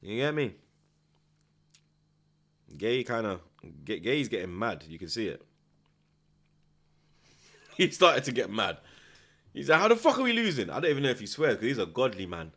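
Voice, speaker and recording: A man's voice: lowish voice, unhurried, pauses often. Slangy London man reacting to football. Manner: slangy, teasing, excitable reactions. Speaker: host. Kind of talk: football watchalong commentary. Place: at home indoors.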